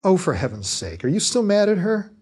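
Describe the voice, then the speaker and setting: A man's voice: high voice, big pitch swings, fairly quick, a little mellow, breathy edge, pitched above the performer's own voice, full character voice. A man reading an impatient woman friend. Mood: exasperated.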